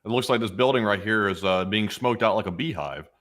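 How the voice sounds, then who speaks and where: A man co-hosting casual war news commentary, reacting to footage with quick wisecracks. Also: lowish voice, fairly bright tone. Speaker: co-host.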